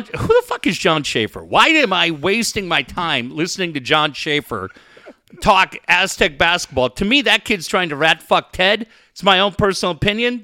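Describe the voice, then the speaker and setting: A man tears into local sports radio in a high, bright, wildly swinging voice. He swears nonstop and keeps the rant boiling. The sound is dry and close. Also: no room sound. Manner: ranting, heated, swears constantly. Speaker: podcast co-host.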